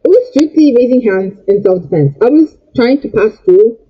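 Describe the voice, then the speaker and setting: High-voiced young man, agitated and husky. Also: expressive, normal speed, lo-fi sound. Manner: agitated, repetitive, stumbling over words. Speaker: vlogger. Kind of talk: storytime rant.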